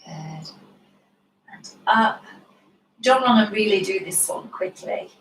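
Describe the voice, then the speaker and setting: A woman from the United Kingdom teaching a guided yoga class, encouraging her students, laughing often and cueing breaths softly. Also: mid-range voice, lively intonation, takes it slowly, far from the mic, a little hiss or hum. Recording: roomy sound from away from the mic.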